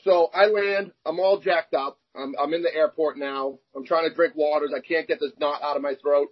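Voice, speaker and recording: A man's voice: a little high, normal speed, slightly rough. A young man, an arm wrestler, telling candid personal stories in an interview and acting out the dialogue. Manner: animated, acts out quoted dialogue. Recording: dull lo-fi sound.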